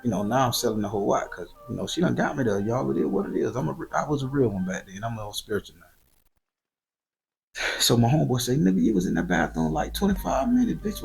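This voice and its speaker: A man from southern Florida hosting his channel, telling a graphic, profane story in loose, slangy, animated monologue. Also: medium pitch, gravelly. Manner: profane, slangy and animated, voice jumping up for quoted lines. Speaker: storyteller host.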